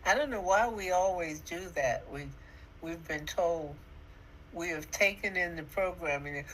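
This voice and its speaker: A woman's voice: on the low side, a little slow, fairly bright tone, a little hiss or hum, rough recording. A woman in her sixties co-hosting a podcast, chatting in a reflective, affirming way with emphatic turns. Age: 60s. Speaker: podcast co-host. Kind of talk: casual chat.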